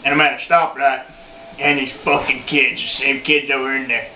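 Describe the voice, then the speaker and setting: A man's voice: medium pitch, flat delivery, normal speed, soft background music, close to an everyday voice. A man playing a foul-mouthed, boastful old redneck in his sixties, telling a rambling, profane story as a comedy monologue. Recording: roomy, dull lo-fi home video.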